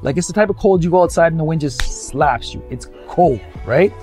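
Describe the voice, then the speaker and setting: A man's voice: on the high side, brisk, faint music behind. A young man from Canada telling a comic story and acting out the people in it. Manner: animated, acts out the people in his stories.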